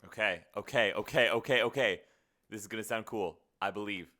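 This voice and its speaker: A man's voice: on the low side, a little fast, pushed and bright. A man streaming live in casual chat, muttering to himself and joking at his own expense, looping filler words in long strings. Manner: self-mocking, muttering to himself while fiddling with settings.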